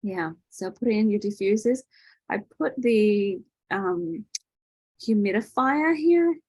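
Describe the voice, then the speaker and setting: A woman's voice: on the high side, slow, vocal fry, a little mellow, husky, no echo, poor audio. A woman leading an online workshop over a video call, teaching in a casual, chatty way with lots of fillers and tag questions. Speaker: workshop host.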